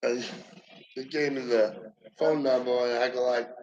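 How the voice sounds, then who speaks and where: A man giving a rambling stand-up comedy monologue, halting and profane, with lots of fillers and restarts. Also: medium pitch, steady tone, darkish tone, highs cut off, slight background noise. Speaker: amateur comedian.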